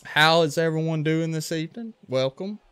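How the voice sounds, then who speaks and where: A man's voice: fairly high pitch, normal speed, clean tone, no room sound. A man from western Louisiana with a Louisiana accent, livestreaming a baseball video game, casually commenting on plays and chatting with viewers. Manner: relaxed, chatty, reacting to plays and greeting chat. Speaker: gaming livestreamer.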